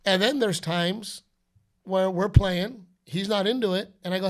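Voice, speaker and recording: A man's voice: high-pitched, measured pace. A middle-aged man hosting a podcast, telling stories in casual chat and acting out quotes and announcer calls. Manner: animated storytelling, acts out quotes and announcer calls. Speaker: podcast host.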